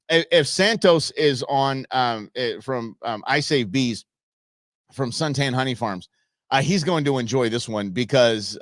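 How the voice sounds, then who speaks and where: A man's voice: medium pitch, no echo. A man from the United States hosting a show, chatting casually over viral videos with a rambling, chuckling manner and many fillers. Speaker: show host.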